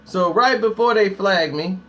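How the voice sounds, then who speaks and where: A man's voice: high-pitched, unhurried, pushed and bright, lo-fi sound. A man hosting a casual live stream, talking straight to his viewers in a slangy, hyped way. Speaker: YouTube host.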